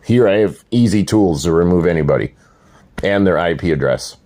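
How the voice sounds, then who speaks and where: A man's voice: low voice, lively intonation, normal speed, warm tone. An older man ranting crudely and mockingly to his livestream viewers, laughing at his own jokes. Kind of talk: casual livestream rant.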